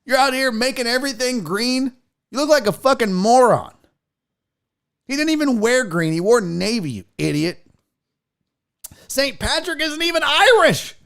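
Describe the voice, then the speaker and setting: A man hosting a comedic talk show, ranting in a loud, mocking, profane way and slipping into exaggerated voices. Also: very high-pitched, expressive, normal speed, vocal fry, clean tone. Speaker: podcast host.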